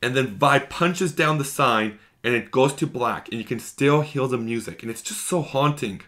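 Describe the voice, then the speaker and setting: A man's voice: mid-range voice, normal speed. Gushing man recapping a show. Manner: gushing, excitable, talks in long run-on strings. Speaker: video reviewer. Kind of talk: enthusiastic episode recap.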